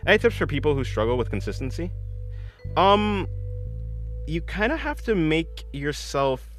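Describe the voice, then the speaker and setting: Young male art streamer, lively pitch, rambling casual chat, laughs a lot, faint music under. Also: moderate pace. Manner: rambling, self-correcting, laughs often.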